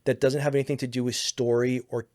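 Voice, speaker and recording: A man's voice: mid-range voice, flat delivery, fast talker, a little mellow, no echo. A man, an acting coach talking in a casual podcast chat, emphatic and rambling, swearing freely.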